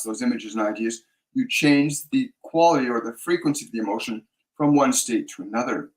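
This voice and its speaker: A male psychic medium with a mid-range voice hosts a live spiritual talk, answering viewer questions in a measured way and repeating key phrases for emphasis. The low-quality recording sounds roomy.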